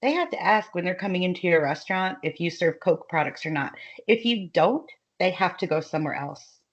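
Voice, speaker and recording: A woman with a light Southern American accent talks in a loose, chatty way, laughing often and leaning on fillers. Her voice sits a little low. The recording is dull and lo-fi. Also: a bit bright. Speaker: guest author. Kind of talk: casual podcast chat.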